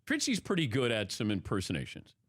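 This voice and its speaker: A man's voice: medium pitch, huge pitch swings, brisk, noisy background. A man hosting a sports talk show, bantering casually and laughing with guests in the studio.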